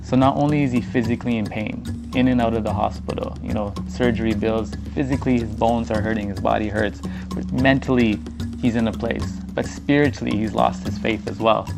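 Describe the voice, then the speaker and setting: A man with a gravelly, fry-tinged voice tells a personal story in a laid-back, slangy way and acts out the dialogue as he goes. Quiet music plays under his voice-over. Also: on the low side, fairly even intonation, a little fast. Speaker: vlogger narrating a story.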